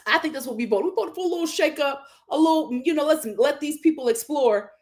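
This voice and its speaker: A woman hosting a live reality TV recap, animated and exclamatory, laughing often. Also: high voice, a little fast. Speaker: reality show recap host.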